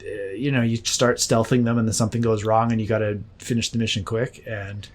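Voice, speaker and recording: A man in his thirties co-hosting a podcast, telling relaxed stories in casual chat with plenty of fillers. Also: lowish voice, brisk, a little hiss or hum. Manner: relaxed storytelling with many fillers. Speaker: podcast co-host.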